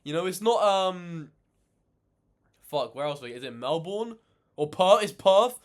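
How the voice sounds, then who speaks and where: A man ranting in casual reaction commentary, animated and swearing a lot, exasperated. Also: sits high, takes it slowly. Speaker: reaction channel host.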